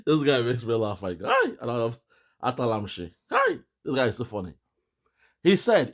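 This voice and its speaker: A man's voice: medium pitch, wildly swooping pitch, moderate pace. A man giving impassioned live commentary, emphatic and mocking, often laughing at the person he criticises. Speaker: online political commentator.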